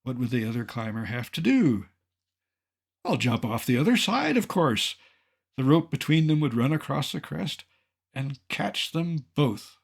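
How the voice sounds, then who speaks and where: An older man, a mountaineer, narrating a slideshow in a scripted way, with dry, deadpan humor. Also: mid-range voice, measured pace, vocal fry, husky.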